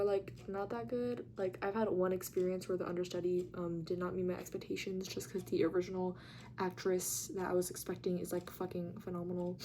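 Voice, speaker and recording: A young woman telling a story in a casual vlog, chatty and animated, with lots of "like" and free swearing. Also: mid-range voice, slight background noise. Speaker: vlogger.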